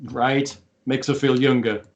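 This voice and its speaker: A man's voice: medium pitch, steady tone, unhurried. Man running a tabletop game. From not from Texas. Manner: leans on filler phrases like "ultimately". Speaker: game master.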